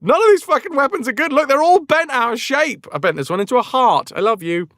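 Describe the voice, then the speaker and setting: A man voicing a hefty seven-year-old boy warrior who is whiny and excited and breaks every weapon he holds. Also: extremely high pitch, quick pace, dry recording, clean studio sound, pitched above the performer's own voice.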